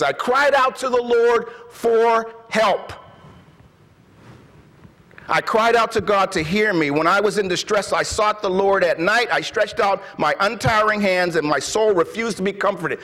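A man preaching a sermon, reading scripture passionately and dropping his voice to a hush at times. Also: high voice, long reverb tail. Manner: impassioned, slows and drops to a hush when reading scripture.

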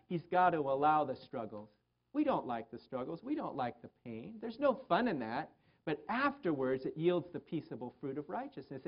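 A man's voice: high voice, muffled recording. A man preaching a sermon to his church, acting out prayers in a small whiny voice. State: pain in both feet. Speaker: pastor.

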